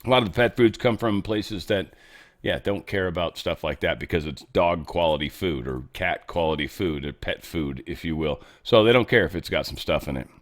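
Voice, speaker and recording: A man hosting a casual commentary show, joking and sarcastic, swinging between loud bursts and low mutters. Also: normal speed. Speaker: show host.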